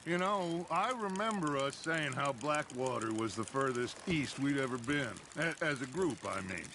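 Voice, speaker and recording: An actor playing a charismatic outlaw gang leader who reminisces fondly and with theatrical flair in a video game. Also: male voice, mid-range voice, expressive, normal speed, background noise, close to an everyday voice.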